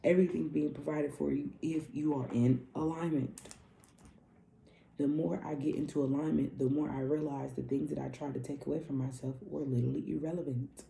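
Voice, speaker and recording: A woman's voice: low-pitched, fairly even intonation, a little fast, gravelly, dark tone, slight background noise. A woman spiritual coach giving a casual astrology reading, loose and profane, repeating herself like a preacher. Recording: roomy echo.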